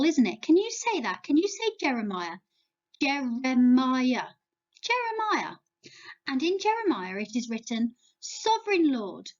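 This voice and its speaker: Slow, lively English woman teaching kids. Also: a little high, dull audio. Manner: animated, slow and playful, speaking to young children. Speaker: children's church leader. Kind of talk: children's Bible lesson. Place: church setting, home video.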